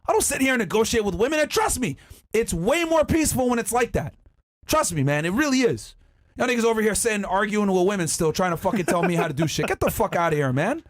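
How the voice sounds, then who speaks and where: A man co-hosting a reaction stream, ranting loudly and emphatically with lots of profanity. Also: high voice, expressive, fast. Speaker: podcast co-host.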